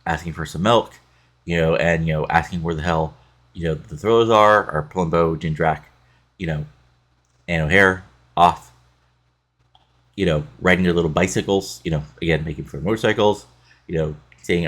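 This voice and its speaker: A man's voice: deep voice, normal speed, long pauses, a bit bright. A man casually recapping a wrestling sim game, rambling with many fillers. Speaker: game playthrough narrator.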